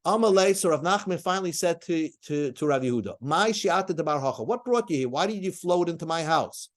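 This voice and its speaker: Higher-voiced man teaching Talmud. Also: animated, fairly quick. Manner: reads a passage, then paraphrases it plainly, with frequent restarts. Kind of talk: Talmud lecture, translating as he reads.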